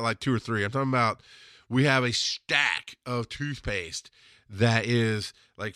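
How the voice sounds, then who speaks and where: A man with a bright, forceful voice talks through pricing advice in a relaxed, storytelling way. He sounds like a podcast host who mentors his listeners. The sound is dry and close, with no room around him. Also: medium pitch, dry recording. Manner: chatty and mentoring, tells stories and acts out customers. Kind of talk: casual advice monologue.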